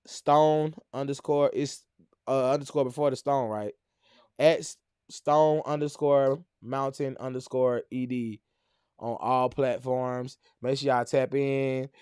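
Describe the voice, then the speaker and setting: A man's voice: medium pitch, little pitch movement, slow, darkish tone, clear, resonant tone, dry recording, clean studio sound. A man co-hosting a podcast in loose, joking casual chat, reading out sponsor plugs. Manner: loose and joking, breaks into shrieks and laughs. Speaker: podcast co-host.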